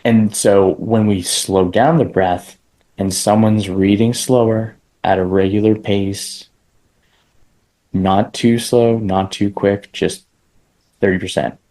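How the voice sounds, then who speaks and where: A fairly low-pitched man talks through a method step by step as an interview guest. His delivery is easygoing and chatty, with casual slang and the odd restart. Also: slow pace. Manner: relaxed and conversational, with casual slang.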